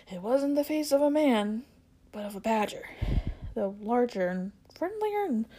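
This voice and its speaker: A woman reading a children's fantasy novel aloud in a soft, often whispery voice. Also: on the high side, low-quality recording. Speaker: reader. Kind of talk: audiobook reading.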